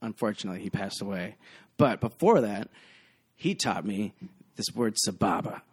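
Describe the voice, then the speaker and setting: A man in his thirties, a bartender guest on a podcast, telling stories in a casual, animated way and acting out the people in them. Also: lowish voice, normal speed, breathy edge. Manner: animated storyteller, acts out quoted voices loudly.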